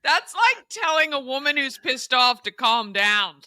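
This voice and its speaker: A woman's voice: sits high, sing-song, unhurried, pushed and bright, no room sound, clean studio sound. A woman hosting a casual morning show who reacts with short questions and exclamations. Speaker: show host.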